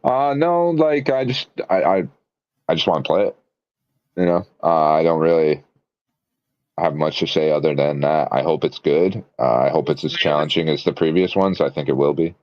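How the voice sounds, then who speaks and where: A man with a low voice chatting on a podcast, rambling and eager, full of fillers. The recording is dull and lo-fi with a dry, close sound. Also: normal speed, dry recording. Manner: rambling, filler-heavy, enthusiastic. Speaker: podcast co-host. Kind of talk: casual chat.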